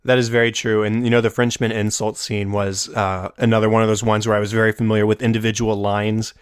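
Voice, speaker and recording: A man co-hosting a podcast, leading a relaxed conversation. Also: on the low side, quick pace, smooth, no echo, studio quality. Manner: relaxed, conversational, leads the discussion. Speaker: podcast co-host. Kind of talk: casual chat.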